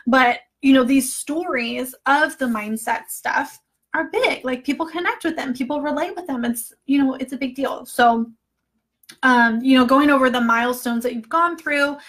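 A woman's voice: high voice, normal speed, a bit bright. A woman coach giving a casual recorded training talk, chatty and full of fillers, openly emotional as she speaks. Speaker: online business coach.

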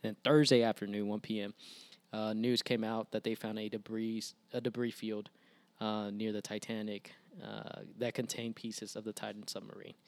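A young man hosting a casual podcast, recapping the week's news in a lively, chatty way with quick laughs. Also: fairly low pitch, creaky. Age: young adult. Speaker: podcast host. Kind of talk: casual chat.

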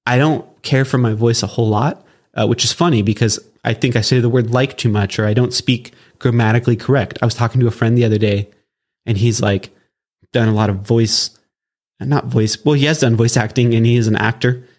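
A man's voice: mid-range voice, steady tone, fairly quick, darkish tone. Casual rambling man hosting a podcast. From Southern California. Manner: casual, rambling, many fillers and restarts. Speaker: podcast host. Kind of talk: solo podcast reflection.

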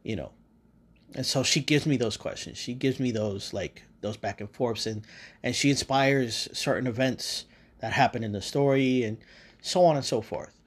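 A man's voice: medium pitch, normal speed, husky. A man hosting a podcast, talking in a casual rambling monologue with lots of fillers, restarts and swearing. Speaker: podcast host.

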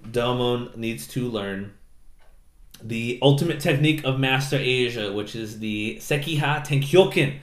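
A man's voice: medium pitch, a little slow. Casual man recapping a show in a roomy room. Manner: animated retelling, acts out characters in silly voices, swears casually. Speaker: podcast co-host recapping an anime. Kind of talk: casual chat. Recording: roomy echo.

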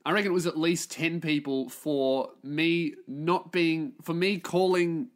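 Sweary ranting man, fairly high voice. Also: steady tone, a little slow. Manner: ranting, sweary, self-mocking. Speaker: podcast host. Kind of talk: solo podcast rant.

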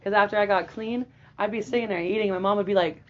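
A woman in her twenties, a podcast guest, telling a personal story in a lively, profane way and often laughing. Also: mid-range voice, fast talker. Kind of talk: casual storytelling. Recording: dull lo-fi audio.

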